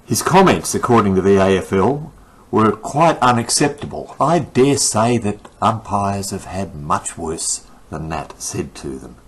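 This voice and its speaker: Older man, deep and husky, indignant sarcastic ranter. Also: expressive, measured pace, poor audio. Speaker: commentator. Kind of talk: ranting opinion monologue.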